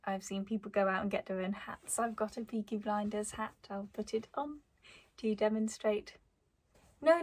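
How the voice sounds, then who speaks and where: A young woman in her twenties talks casually to the camera in a Black Country accent. She is chatty and friendly, and every so often loses her place and laughs at herself. Her voice sits at a middling pitch. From Black Country, England. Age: 20s. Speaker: vlogger. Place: at home in front of a flag.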